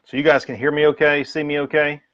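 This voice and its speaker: A man's voice: fairly high pitch, level tone, quick pace, a bit bright, no room sound. A man from Tennessee, a guest on a live call, talking casually on his phone and rambling with frequent laughs and restarts. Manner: rambling, self-deprecating, laughs often. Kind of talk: casual chat. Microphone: phone on a video call. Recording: dull lo-fi phone audio.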